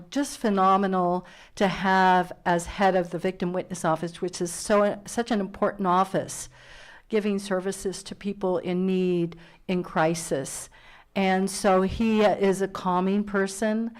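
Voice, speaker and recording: Female district attorney, slow and halting delivery, public remarks at a county board meeting. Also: mid-range voice, smooth. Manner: halting, warm praise with many fillers.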